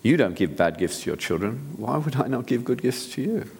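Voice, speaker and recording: A man's voice: mid-range voice, very animated, a little fast, creaky, darkish tone, long reverb tail, a little hiss or hum. A man, a physician, giving an earnest, direct sermon-style talk to an audience, often restarting his sentences. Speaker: physician speaker.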